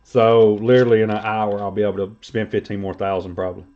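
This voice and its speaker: A man's voice: on the low side, steady tone, quick pace, highs cut off. A man hosting a trading card stream, rambling and joking crudely in casual chat.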